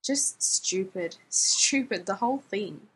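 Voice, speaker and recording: A woman's voice: medium pitch, expressive, takes it slowly, fairly bright tone, a little hiss or hum. A woman voicing a weary, bruised young man who mutters, trails off and jokes wryly. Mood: tired, sheepish.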